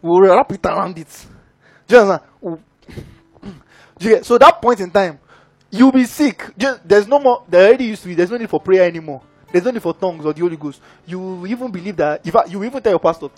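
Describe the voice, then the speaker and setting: A man with a high, husky voice preaches a sermon. He keeps asking his audience if they are with him, and soft music plays faintly behind him. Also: expressive, fast talker.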